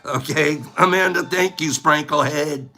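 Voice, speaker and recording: A man's voice: on the high side, a little slow, sharp tone, slight background noise. A man hosting a casual livestream chat, playful and rambling, often breaking into laughter. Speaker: host.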